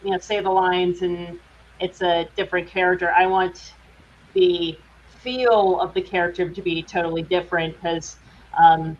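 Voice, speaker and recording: A woman actress talks casually in an interview, her voice sitting on the lower side. She rambles a little, with lots of fillers and restarts. The audio is dull and lo-fi, with a faint hiss underneath. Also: fairly even intonation, moderate pace. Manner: chatty, with many fillers and restarts. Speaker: guest actress.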